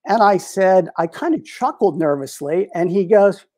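A man in his sixties, a retired publicist and interview guest, telling lively anecdotes with frequent chuckles. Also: sits high, normal speed. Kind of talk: storytelling in a casual interview.

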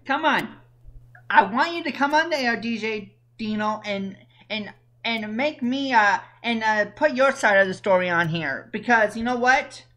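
A woman's voice: fairly high pitch, moderate pace, fairly bright tone. A woman hosting a casual internet radio show, taunting a rival with stumbling restarts.

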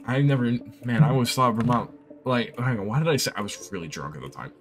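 Excitable young man rambling on stream. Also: medium pitch, quick pace. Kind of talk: casual live-stream gaming chat.

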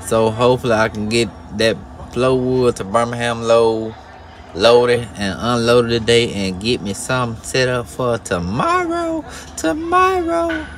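A man, a flatbed truck driver talking casually to viewers from his truck, slow and drawling, venting and cussing. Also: mid-range voice, slight background noise. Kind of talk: casual vlog talk to viewers.

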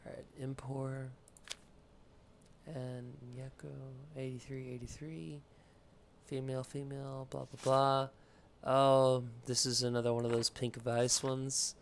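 A man's voice: medium pitch, monotone, measured pace, slight background noise. A man giving loose let's play commentary while playing a game, rambling, joking and swearing casually. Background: video game music.

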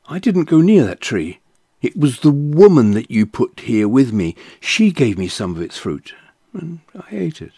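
A man's voice: medium pitch, very animated, unhurried, dark tone, breathy edge, dry recording, studio quality, voice pushed up, full character voice. A man voicing a frightened first man who defensively blames his wife, in a Bible reading. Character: frightened man blaming others.

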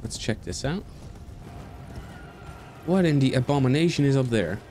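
Lively swearing man playing a game. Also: mid-range voice, normal speed, a little hiss or hum. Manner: animated, swears, talks to the game, yelps and squeals. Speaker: gaming streamer. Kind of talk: casual gameplay commentary.

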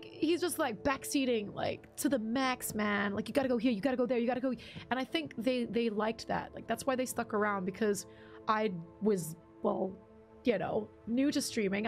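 A woman's voice: a little high, gravelly. A woman streamer chatting casually while she plays, rambling through stories and laughing often. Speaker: game streamer. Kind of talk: casual live-stream chat while gaming.

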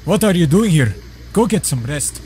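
Woman doing a gruff stern ship captain. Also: very animated, moderate pace, dark tone, slight background noise. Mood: commanding. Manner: low, gruff, commanding. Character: stern secretive adult male ship captain. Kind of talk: voicing game dialogue.

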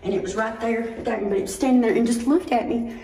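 Southern woman, animated rambling storyteller, higher pitch, echoey hallway, off-mic. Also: fast, far from the mic. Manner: animated, rambling, laughs often. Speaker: local guide sharing a ghost encounter. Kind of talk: casual storytelling. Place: large old hospital building, indoors. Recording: echoey hallway, away from mic, faint noise.

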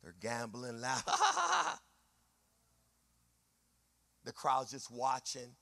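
A pastor preaching a sermon with animated delivery, dropping to quiet asides and rising to shouted passages, acting out other people's voices along the way. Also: male voice, mid-range voice, drawn-out words, vocal fry, long pauses, no echo, clean studio sound. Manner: acts out voices of people and scenes in his preaching.

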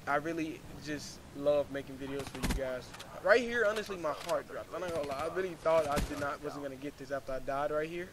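Young man, gaming commentary, rambling, earnest, somewhat high voice, loud gunfire and game noise behind. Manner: rambling, filler-heavy, earnest. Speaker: gaming YouTuber. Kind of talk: casual gameplay commentary. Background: gunfire and game sounds.

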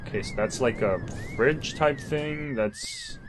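A man's voice: fairly high pitch, huge pitch swings, slow, background noise. A man commentating his own zombie game playthrough, swearing, joking and talking to himself in exasperation. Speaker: gamer. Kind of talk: let's play commentary.

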